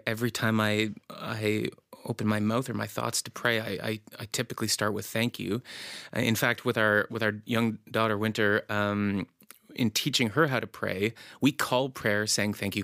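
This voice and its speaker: A man on church staff talking about his prayer life in a relaxed, reflective podcast conversation. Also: lowish voice, no echo, studio quality.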